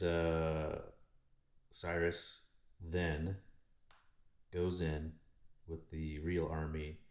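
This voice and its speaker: A man telling a story in casual, profane chat, animated and rambling with frequent swearing. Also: rumbling low. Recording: echoey room.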